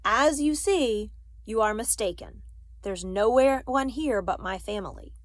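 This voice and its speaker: A woman's voice: a little high, lively intonation, measured pace, no echo, clean studio sound. Woman playing a firm, guarded father.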